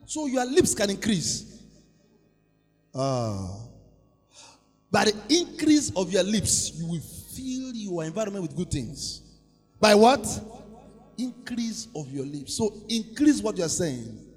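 Male pastor, high animated gravelly delivery, call-and-response sermon in an echoey church hall. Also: takes it slowly, faint music behind. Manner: preaching with sudden shouts and sing-song rises, leading call-and-response.

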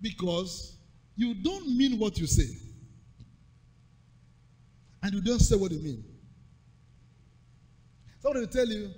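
A man's voice: high voice, sing-song, slow pace, pauses often, mellow, husky, long reverb tail. A man preaching a sermon with rhythmic call-and-response repetition and emphatic delivery.

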